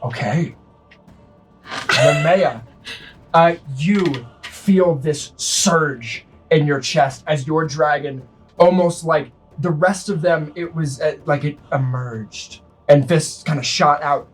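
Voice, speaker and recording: Slow-talking man narrating a tabletop game. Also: fairly high pitch, breathy edge, soft background music, low-quality recording. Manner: slow, descriptive narration with voiced dragons. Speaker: game master.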